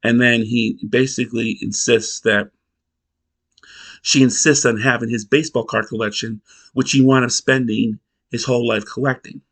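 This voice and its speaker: A man's voice: medium pitch, steady tone, fairly bright tone. A male reviewer recaps a sitcom in a loose, casual voice. He rambles, halts and restarts sentences as he goes. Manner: rambling, halting, restarts a lot. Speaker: TV episode reviewer.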